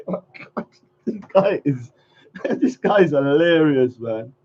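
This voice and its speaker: Man, livestream host, mocking rant, husky voice, dull lo-fi audio. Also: on the high side, lively intonation, takes it slowly, darkish tone. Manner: mocking, sarcastic, repeats phrases in a sing-song.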